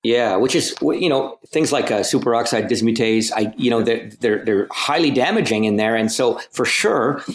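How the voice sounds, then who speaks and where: A man who coaches cycling, talking in a halting way and repeating words as he thinks aloud. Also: mid-range voice. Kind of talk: casual podcast chat. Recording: echoey room.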